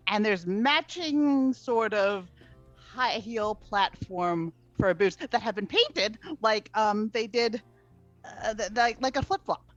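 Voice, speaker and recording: Lively rambling woman gaming online. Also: medium pitch, slow pace, lo-fi sound, soft background music. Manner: rambling, laughing, lots of fillers. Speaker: player. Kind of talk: casual tabletop game chat.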